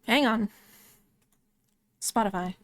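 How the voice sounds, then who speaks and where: A woman's voice: a little high, slow pace. A woman streamer chatting casually while she draws, rambling with lots of "like" fillers. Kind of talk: casual chat while drawing on a live stream.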